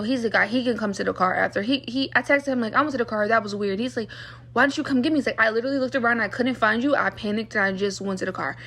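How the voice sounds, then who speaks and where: Fed up and exasperated, a young vlogger rambles through a casual storytime rant to her camera. Her voice is a little high with a fairly bright tone, she says "like" constantly, and she performs the lines of the people she's complaining about.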